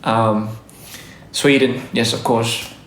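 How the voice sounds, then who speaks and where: A man's voice: mid-range voice, steady tone, takes it slowly, echoey room, a little hiss or hum. Rambling man on a livestream. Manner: rambling, warm shout-outs with frequent restarts. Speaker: livestreaming artist. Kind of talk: casual livestream chat to fans. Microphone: phone.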